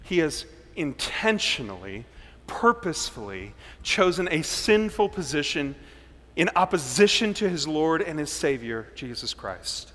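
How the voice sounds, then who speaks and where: A man preaching a sermon as pastor, swinging between loud emphasis and hushed, low passages. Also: very animated, measured pace, long reverb tail.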